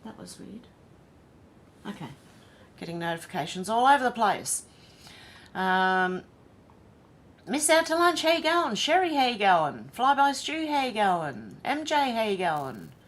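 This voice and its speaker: A woman's voice: on the high side, big pitch swings, a little slow. An Australian woman hosting a casual livestream, chatting and reading viewer comments aloud one by one. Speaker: livestream host.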